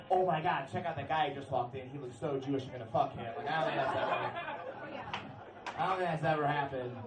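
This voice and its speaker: A brash young man works a stand-up set on a club stage, his voice sitting high for a man and often jumping into shouted announcer-style bits. He sounds roomy and a little off-mic, and loud crowd laughter keeps breaking through. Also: distant mic. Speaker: stand-up comedian.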